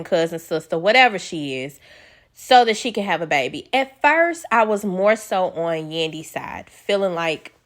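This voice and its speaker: A woman recapping a reality show in a casual, blunt, animated way, swearing freely and acting out quotes. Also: medium pitch. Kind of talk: casual chat.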